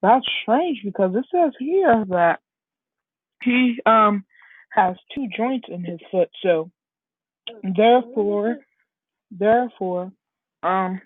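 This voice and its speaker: A woman's voice: medium pitch, animated, slow, pauses often, no echo. A woman voicing a puzzled doctor who explains a diagnosis in a hesitant way. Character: puzzled matter-of-fact doctor. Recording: husky, dry, phone-like lo-fi audio.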